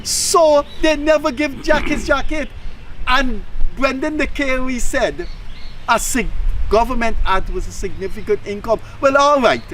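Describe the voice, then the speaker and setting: A man's voice: very high-pitched, unhurried, a bit bright, a little hiss or hum, poor audio. A man with a Guyanese accent hosting a talk show, giving opinionated, emphatic commentary with mocking asides.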